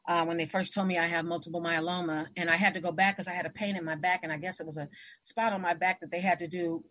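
A woman hosting an interview, telling personal stories in a casual, animated way and acting out the voices of people she quotes. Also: fairly low pitch, fast talker. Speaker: host.

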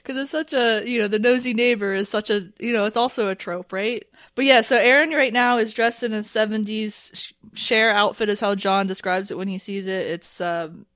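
A woman podcast host walks through a TV episode in casual chat, animated and quick to laugh. Her voice sits in a middle pitch. The recording is dry, with no room sound. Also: no room sound. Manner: animated recapping, laughs often.

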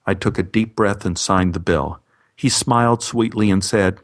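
A man's voice: sits low, normal speed. A man narrating a personal story for a podcast with dry, wry humor.

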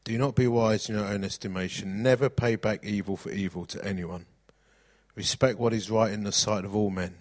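A man's voice: on the low side, steady tone, brisk. A middle-aged man preaching a sermon, mixing jokey anecdotes with scripture reading.

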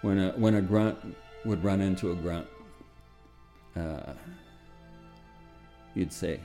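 An older man from the US recounts his life for a radio documentary, his low voice slow and thoughtful and frequently fading to a hush. Faint music plays behind him.

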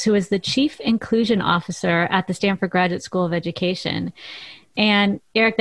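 A woman's voice: mid-range voice, dry recording. A woman co-hosting a radio interview, effusive and encouraging toward her guest. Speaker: radio show co-host.

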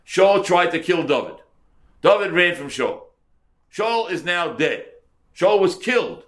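A man's voice: high voice, sing-song, unhurried, vocal fry, fairly bright tone. A man teaching a Torah class as a rabbi, translating verse by verse and repeating words for emphasis.

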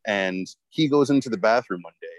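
A man's voice: on the low side, expressive, brisk, dry recording, highs cut off. Swearing man telling a rambling story. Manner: rambling, heavy swearing, lots of fillers. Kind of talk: casual storytelling chat.

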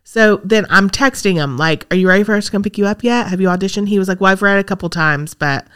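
A woman's voice: medium pitch, quick pace, fairly bright tone, smooth. A middle-aged woman telling a story in casual chat, acting out quoted lines. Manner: chatty storyteller, acts out quotes.

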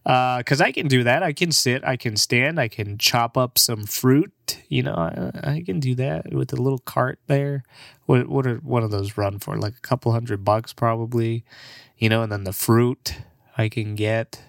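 A man's voice: medium pitch, normal speed, vocal fry, dry recording, clean studio sound. A young man in his twenties, a comedian, rambling casually in a profane, laid-back way and laughing often.

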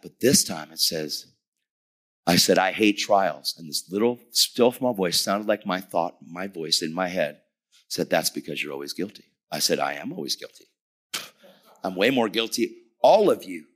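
Middle-aged guy preaching, lower voice, gets loud and animated telling his story. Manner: animated storytelling, shouting at peaks. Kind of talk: sermon.

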